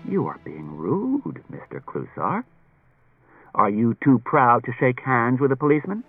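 A man voicing a hard-nosed male police detective who talks brisk and needling, heard through a tinny old radio broadcast. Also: mid-range voice, faint music behind, lightly acted.

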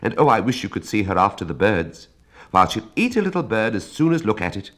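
A man's voice: fairly low pitch, sing-song, fast, fairly bright tone, voice pushed up. A man voicing Alice, a polite and eager young girl in a storybook. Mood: earnest. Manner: humble and eager. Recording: reading over clear music.

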